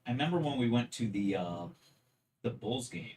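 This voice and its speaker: A man co-hosting a board game stream, telling animated stories in casual chat, acting out quotes, laughing and swearing freely. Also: medium pitch, normal speed, far from the mic, low-quality recording.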